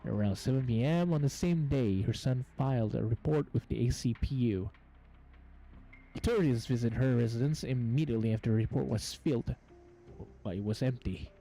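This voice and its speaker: A man's voice: medium pitch, a little fast, warm tone, faint music behind, rough recording. A man hosting gameplay commentary, reading on-screen game text aloud and stumbling over words as he goes. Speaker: gaming channel host.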